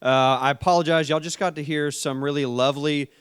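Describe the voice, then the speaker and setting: A man's voice: on the high side, fairly even intonation, fairly quick, clean tone. A man with a down-home Tennessee accent, a state official giving a folksy, friendly conference welcome speech on stage. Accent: Southern US, Tennessee. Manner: folksy and friendly, says "y'all" often. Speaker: state insurance commissioner giving welcome remarks.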